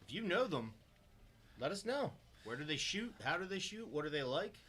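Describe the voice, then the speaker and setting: Lively male darts co-commentator. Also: fairly high pitch, husky. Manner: joking, quick with banter. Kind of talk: live sports commentary.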